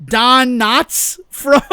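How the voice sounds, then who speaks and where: A man with a notably high, clean and resonant voice, recorded close and dry with no room sound. He co-hosts a podcast in loose, casual chat, rambling with enthusiasm and breaking into laughter often. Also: lively intonation, drawn-out words, pushed and bright, clear, resonant tone, no echo. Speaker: podcast co-host.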